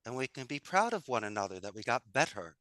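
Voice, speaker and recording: A man's voice: mid-range voice, sing-song, fast, sharp tone, no echo. A man talking as a podcast guest, upbeat and folksy, full of homespun sayings. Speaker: podcast guest, call center owner. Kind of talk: conversational interview.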